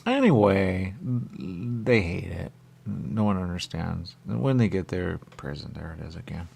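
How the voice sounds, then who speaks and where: Gravelly man rambling on the radio. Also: low voice, lively intonation, measured pace, darkish tone. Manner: meandering, repeats catchphrases, acts out quoted voices. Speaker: radio show host. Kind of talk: rambling monologue.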